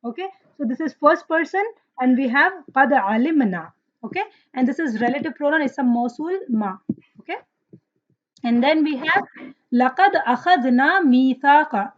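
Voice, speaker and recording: A woman teaches an online Arabic grammar class, questioning students, praising their answers and reciting Quranic verses. Her high voice has lively intonation and a moderate pace, captured in dull lo-fi audio.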